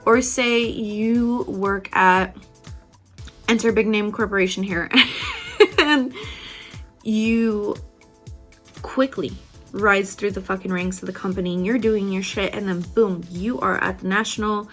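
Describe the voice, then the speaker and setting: A woman's voice: mid-range voice, unhurried, pauses often, soft background music. Candid, profane woman vlogger. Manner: candid, profane, laughs often, swings between loud and soft. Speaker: beauty vlogger. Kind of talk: casual motivational talk while doing makeup.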